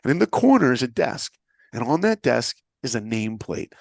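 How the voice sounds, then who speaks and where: Animated man telling a motivational story. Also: mid-range voice, moderate pace, gravelly, no room sound. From New York. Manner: animated, acts out the dialogue he recounts. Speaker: guest telling his story.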